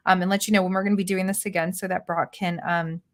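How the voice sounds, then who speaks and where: A woman's voice: on the low side, level tone, fast talker. A woman from Missouri hosting a casual live-stream chat, chatty and laughing often, heard over a video call. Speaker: host.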